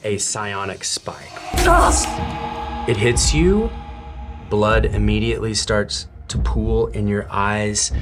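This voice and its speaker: A man narrating a tabletop game as game master, telling the story dramatically with halting restarts. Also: on the low side, over music.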